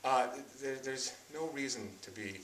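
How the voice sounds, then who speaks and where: A man's voice: medium pitch, unhurried, a bit bright, a little hiss or hum. A male comedian performing live improv on stage, self-mocking and laughing as he talks. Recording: echoey room, mic at a distance.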